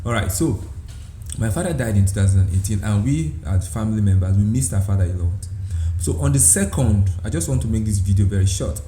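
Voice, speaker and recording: A man speaks straight to camera as a church leader, going over the same points again and again. His voice is low and very mellow, and the room echoes around it with a faint hiss behind. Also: lively intonation, fairly quick. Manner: repetitive, often saying "all right". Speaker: church leader sharing a dream. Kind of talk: direct-to-camera religious talk.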